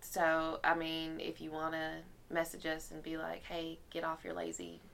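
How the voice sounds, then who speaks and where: A woman's voice: low-pitched, moderate pace, gravelly, crowd noise. A Southern woman co-hosting a podcast, rambling and laughing often while she has a cold. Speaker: podcast co-host. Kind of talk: casual chat.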